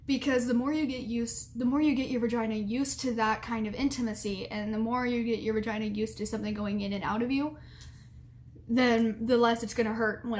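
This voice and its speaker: A young woman with a high voice tells a candid story straight to camera and gives advice along the way. She is frank and blunt, giggles often and fills her talk with "like". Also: a little hiss or hum. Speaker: vlogger.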